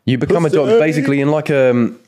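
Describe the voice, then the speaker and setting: A man's voice: mid-range voice, fast, mellow. A young man, co-hosting a casual podcast chat in a laid-back, dry way. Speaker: podcast co-host.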